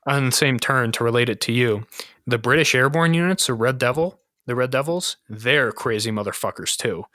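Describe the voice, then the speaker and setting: A man in his thirties from the United States hosts a casual podcast, spinning profane and animated stories. His voice is bright and forceful, and the sound is dry and close with no room around it. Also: mid-range voice, moderate pace, dry recording. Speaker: podcast host.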